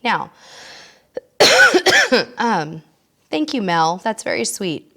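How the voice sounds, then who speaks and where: A woman's voice: mid-range voice, big pitch swings, a little slow, creaky. Chatty woman with a tickly cough. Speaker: cruise vlog host. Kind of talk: live-stream chat with viewers.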